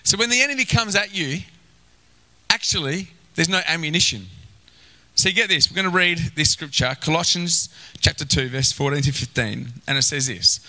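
Man, pastor preaching, lively swooping pitch, bright forceful tone. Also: normal speed, low-quality recording. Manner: animated, acts out inner voices, exclaims. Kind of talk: sermon.

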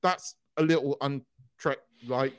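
A man co-hosting a podcast in casual chat, excitable, swearing freely and laughing often. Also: medium pitch, a little slow, clean tone, no echo. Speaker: podcast co-host.

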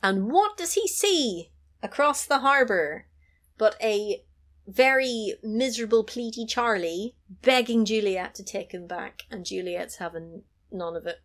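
A woman retelling a film plot in a casual chat, animated, swearing and laughing easily. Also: mid-range voice, measured pace.

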